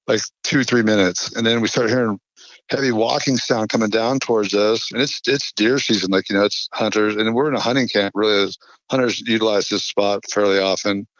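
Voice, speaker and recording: A man's voice: lowish voice, fairly quick, no room sound. A man from California, a podcast guest, telling a long anecdote in a rambling, filler-heavy way. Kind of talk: casual storytelling chat. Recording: dull lo-fi dry podcast audio.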